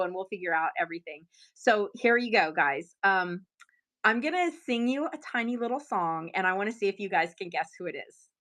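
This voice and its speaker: A woman runs a casual live-stream sale of her own handmade work. Her pitch sits in the middle of the range. She talks to her viewers in an excitable, rambling way, full of fillers and quick asides. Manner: chatty, excitable, many fillers.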